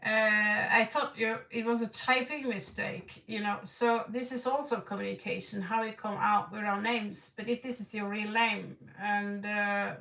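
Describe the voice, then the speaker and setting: A woman's voice: medium pitch, steady tone, measured pace, creaky, few pauses, sharp tone, echoey room, recorded from a distance, poor audio. A woman doing an online tarot reading in a rambling, frank way. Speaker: tarot reader.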